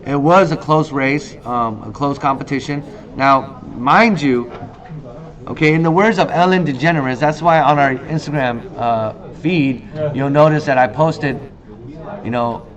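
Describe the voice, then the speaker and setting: A man in his thirties hosting a casual talk show monologue, telling stories with lively acted-out quotes. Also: a little slow, highs cut off. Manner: animated storyteller, acts out quoted lines in a higher voice. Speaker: host. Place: in Korea.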